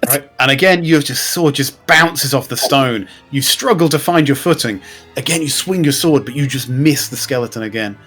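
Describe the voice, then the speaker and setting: A man running a tabletop game as game master, with relaxed, descriptive narration and rules asides. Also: mid-range voice, moderate pace, faint music behind.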